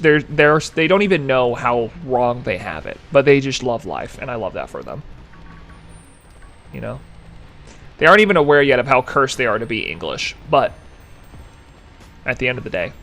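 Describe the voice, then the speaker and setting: A young man talks loosely to his stream chat, wandering off on jokes and reading messages out loud. His voice swings up and down a lot while it stays mid-pitched. Soft music plays quietly underneath. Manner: rambling, jokey, reads chat aloud. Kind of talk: casual live-stream chat.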